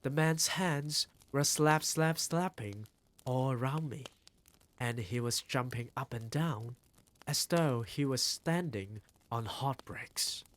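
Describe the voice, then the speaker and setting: A man reads a storybook aloud on a live stream at an unhurried pace. His pitch sits in a middle range, and he narrates with care. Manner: slow, deliberate narration with acted-out quotes. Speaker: streamer reading a novel aloud.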